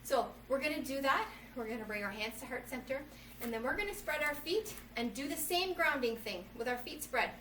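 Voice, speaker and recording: Bright-voiced woman leading kids' yoga. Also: sits high, lively intonation, brisk, slight background noise. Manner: upbeat and encouraging, keeps calling the children "friends". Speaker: children's yoga instructor. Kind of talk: reading a storybook while leading kids' yoga. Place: at home. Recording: roomy sound from a distant mic with faint ambience.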